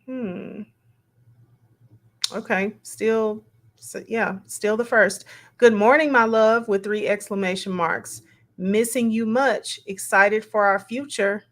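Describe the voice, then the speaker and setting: Slow, musing woman reading messages aloud. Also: medium pitch, fairly even intonation, fairly bright tone. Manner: slow, musing, reads quotes aloud with asides. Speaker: commentator reading text messages. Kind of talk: casual read-aloud commentary.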